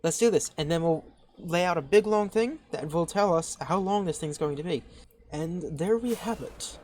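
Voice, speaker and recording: A channel host gives casual, excited gameplay commentary, thinking out loud and restarting her sentences. Her voice is on the low side, she talks at a moderate pace, and there's slight background noise.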